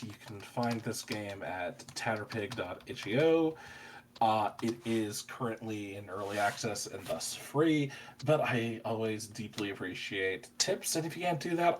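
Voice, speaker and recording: A man's voice: fairly low pitch, a little hiss or hum. A man running a tabletop game, chatting casually afterward and rambling with lots of fillers. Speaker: game master. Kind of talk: casual post-game chat.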